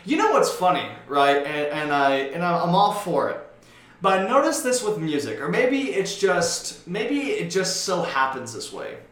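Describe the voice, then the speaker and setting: A young man hosting a podcast in casual chat, with a voice that sits a bit high. He rambles and gets loud and worked up when riled. The room around him is echoey. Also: big pitch swings, normal speed. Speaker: podcast host.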